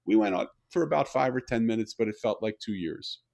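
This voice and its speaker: An older man, a guest author, telling a story in a conversation, animated and often repeating and restarting his words. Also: lowish voice, a little fast, creaky.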